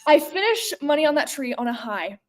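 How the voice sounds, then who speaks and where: A teenage girl, a student actor, talking in a bubbly, excitable way during an interview. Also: high-pitched, fairly quick, slight background noise. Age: late teens. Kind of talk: casual interview.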